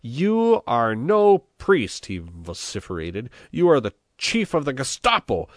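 A man's voice: low voice, moderate pace, no room sound, studio quality, natural voice. A man reading an audiobook, voicing a blustering, hot-tempered male communist mayor who roars threats. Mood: furious shouting. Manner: roaring, threatening.

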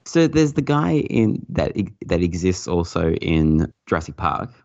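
A man's voice: sits low, unhurried, gravelly. A man, a guest on a pinball podcast, chatting casually, swearing and laughing as he tells stories. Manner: sweary, laughing, animated storytelling. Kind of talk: casual chat. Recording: muffled lo-fi mic.

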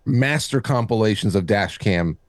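A man co-hosts a casual talk show, stumbling and restarting his sentences. His voice sits slightly low. The recording is dry and close. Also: expressive, normal speed, no echo. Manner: stammering, restarts often. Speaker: podcast co-host. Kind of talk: casual chat.

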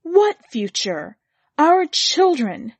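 A woman's voice: high voice, expressive, moderate pace, a little mellow, no room sound, voice pushed up. A woman doing a strained, pleading young wife. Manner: earnest, strained, rising to anger.

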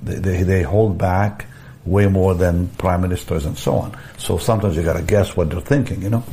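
An older man with a fairly low voice tells a long personal story in an interview. He is animated, repeats himself and restarts phrases, and chuckles often. Faint ambient noise sits behind him. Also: moderate pace. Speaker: evangelist guest telling a story.

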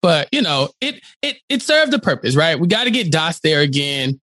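A man co-hosting a casual movie podcast, talking in an animated way and acting out quotes. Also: on the high side, moderate pace, no room sound. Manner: animated, acts out quotes in voices. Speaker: podcast co-host.

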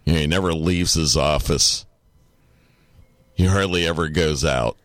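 Another male podcast co-host talks in a relaxed, casual way, cursing without restraint. He has a bass voice with a fairly bright tone and a measured pace, recorded cleanly in a studio with no room sound.

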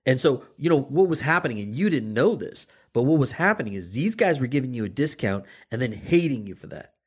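A man's voice: mid-range voice, very animated, a little fast, breathy edge. Man reflecting on industry problems. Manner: reflective, explains at length with restarts. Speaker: podcast host, automotive industry leader. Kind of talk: casual conversation.

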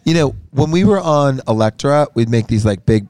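A man's voice: mid-range voice, lively intonation, moderate pace, darkish tone, no echo, clean studio sound. A man who plays in a band, chatting casually as a podcast guest and rambling with lots of fillers. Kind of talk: casual chat.

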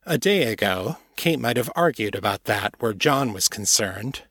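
A man narrating his own serialized fiction in a measured, even reading. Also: lowish voice, vocal fry, breathy edge, no room sound, clean studio sound. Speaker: author and audiobook narrator. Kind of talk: scripted narration.

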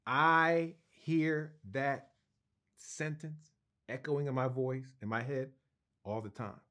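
A man being interviewed as a guest co-writer, telling an anecdote in an animated, excited way, with restarts and laughs. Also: medium pitch, takes it slowly.

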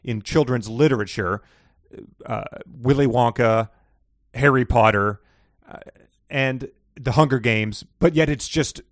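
A man's voice: mid-range voice, measured pace, no room sound, studio quality. A man co-hosting a casual book podcast, talking in a wry, rambling way with frequent laughs. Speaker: podcast co-host.

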